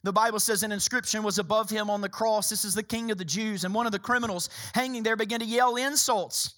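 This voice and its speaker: Bright-voiced emphatic male pastor preaching. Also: sits high, steady tone, quick pace, few pauses. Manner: emphatic preaching with repeated phrases and direct address to the church. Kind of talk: sermon. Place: church sanctuary.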